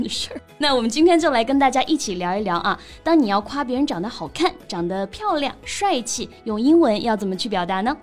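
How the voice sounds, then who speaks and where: A woman's voice: on the high side, sing-song, brisk, hardly any pauses. A woman co-hosting a bilingual English lesson, chatting and laughing often, switching between languages. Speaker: co-host teaching English. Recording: soft music behind.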